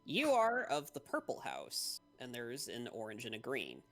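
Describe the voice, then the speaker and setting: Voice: mid-range voice, huge pitch swings, measured pace, vocal fry, a bit bright, faint music behind. A game master narrating a tabletop game in a descriptive way with hesitant fillers.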